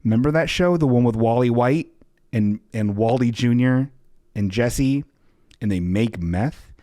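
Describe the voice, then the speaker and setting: A man's voice: medium pitch, unhurried, mellow, no room sound, studio quality. A man hosting a livestream podcast, chatting casually in a rambling, jokey way with sarcastic asides. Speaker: podcast host. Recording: music bed playing underneath. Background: looping background music.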